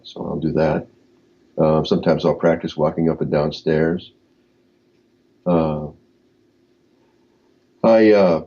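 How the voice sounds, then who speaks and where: A man answers interview questions in a measured, explanatory way, often pausing on fillers. His voice sits very low and sounds dark and mellow. The call audio is dull and lo-fi. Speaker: guest.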